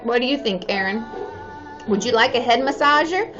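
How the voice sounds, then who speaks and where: A woman's voice: fairly high pitch, fairly even intonation, a little fast. A woman in her thirties, a therapist hosting a casual live stream, chatting with viewers in a bubbly way and cheering often. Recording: slightly dull sound with faint music behind.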